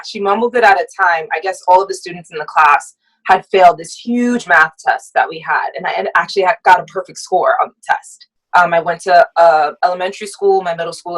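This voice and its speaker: A young woman speaks as a podcast guest, her voice sitting on the low side. She tells her story reflectively, often pausing on hesitant ums. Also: fairly bright tone, low-quality recording. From United States. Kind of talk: personal storytelling in a podcast conversation.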